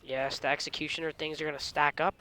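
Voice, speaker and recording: Excitable gamer man, bright forceful voice. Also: a little high, fast talker, a little hiss or hum. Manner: excitable, talks to himself and the enemies mid-fight; drops mock British slang now and then. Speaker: gaming channel host. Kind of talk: live gameplay commentary.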